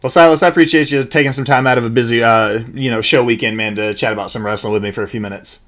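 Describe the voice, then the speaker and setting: A man's voice: medium pitch, fairly even intonation, a bit bright. A man from Nashville, hosting a podcast interview in an easygoing, laughing manner. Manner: easygoing, laughs often, quick questions. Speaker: podcast host. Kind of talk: casual interview chat.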